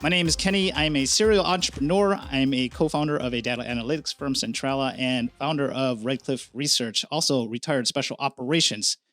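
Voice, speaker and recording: A middle-aged man from the United States hosting a casual news commentary vlog, chatty and animated, talking straight to his viewers. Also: medium pitch, a little fast, hardly any pauses, faint music behind. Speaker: news channel host.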